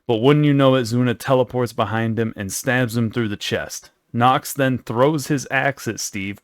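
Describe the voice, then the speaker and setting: A man's voice: medium pitch, normal speed, few pauses, no room sound, clean studio sound. A young man making a comedic recap, sarcastic and profane, who keeps drifting into rambling asides. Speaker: video creator.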